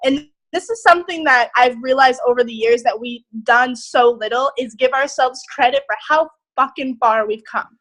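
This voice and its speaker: A young woman leading a group on a video call, giving an excited, emphatic motivational talk with casual swearing. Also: high-pitched, moderate pace, few pauses, rough recording. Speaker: group leader.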